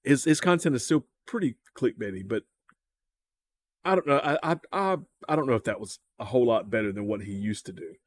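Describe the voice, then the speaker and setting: A man's voice: mid-range voice, lively intonation, a little fast, dry recording. A man hosting casual reaction commentary, swearing freely and stammering over repeated words. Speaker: commentary host.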